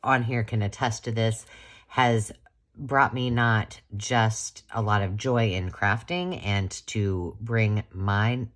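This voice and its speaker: A woman's voice: very deep voice, steady tone, takes it slowly. A woman hosting a crafting channel, chatting casually and gushing as she unboxes a gift.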